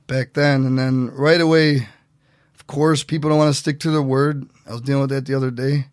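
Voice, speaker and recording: A man telling stories as a podcast guest in a casual, animated way, acting out what other people said. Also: mid-range voice, brisk, no room sound, studio quality. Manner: animated, acts out quotes in voices. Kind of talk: casual storytelling.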